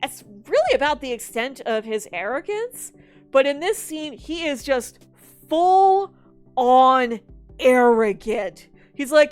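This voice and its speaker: A woman giving casual movie commentary in an animated, exasperated, rambling way. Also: high voice, slow pace, faint music behind. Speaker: video commentator.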